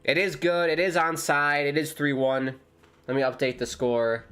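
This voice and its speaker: A man chatting casually on a live football watchalong stream, rambling between excited reactions to the match. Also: a little high, moderate pace, clear, resonant tone.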